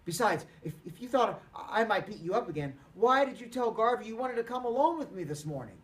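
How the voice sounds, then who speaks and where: A man's voice: sits high, big pitch swings, a little fast, distant mic, voice pushed up. A man voicing a remorseful teenage boy who pleads earnestly. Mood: pleading.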